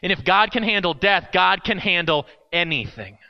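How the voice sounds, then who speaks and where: A man's voice: sits high, moderate pace, muffled recording. A man preaching an earnest sermon and telling a personal story with drama. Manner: earnest, dramatic storytelling, acts out the people in his stories. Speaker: pastor.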